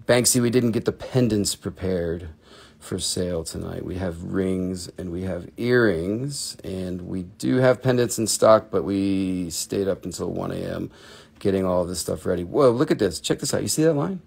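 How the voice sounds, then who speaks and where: Male host, 40s, gravelly and low-ish, loose jokey live-stream seller. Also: moderate pace, darkish tone. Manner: chatty, jokey, plays with a put-on accent. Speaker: host of a live crystal sales show. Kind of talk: casual live-stream selling.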